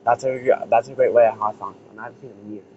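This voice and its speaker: A man's voice: mid-range voice, fairly even intonation, fast. An American man giving a rambling, casual rant as an online commentator, swearing freely. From United States. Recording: muffled lo-fi with faint hiss.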